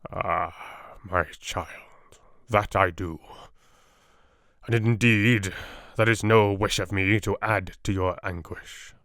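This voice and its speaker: A wise, patient old Dutch professor , as a male audiobook reader puts him on, lays out his reasoning in slow, deliberate, broken English. The voice sits a little low. It is recorded close and dry, with no room around it. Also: fairly even intonation, a bit bright, dry recording. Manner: broken, foreign-sounding English phrasing, grave and measured. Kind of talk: audiobook character reading.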